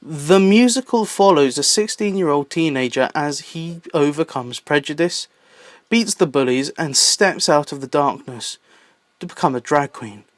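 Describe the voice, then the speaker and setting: Excitable young Southern English man. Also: fairly high pitch, unhurried, no echo. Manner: playful, excitable asides. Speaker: YouTube host. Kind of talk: enthusiastic list-video narration.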